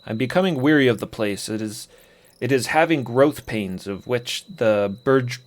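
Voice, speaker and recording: A man doing a cocky old-timey swordsman, talks all formal with thee and thou, pitched in the middle. he's a bragging game trainer who never drops the fancy speech. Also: expressive, normal speed, natural voice. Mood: grumbling. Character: proud boastful male sword trainer.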